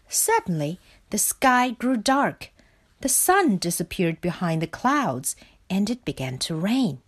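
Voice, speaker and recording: A woman reading a children's picture book aloud in a slow, clear and expressive way. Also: mid-range voice. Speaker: storybook reader.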